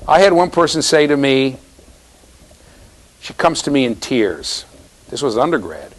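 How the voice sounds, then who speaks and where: A man's voice: medium pitch, lively intonation, moderate pace, pauses often, poor audio. A man giving a university classroom lecture, teasing students and checking in with "right?".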